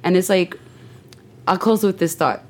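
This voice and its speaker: A young woman speaking as a podcast guest in a heartfelt, animated, faith-filled chat, leaning often on "like". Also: fairly low pitch, normal speed.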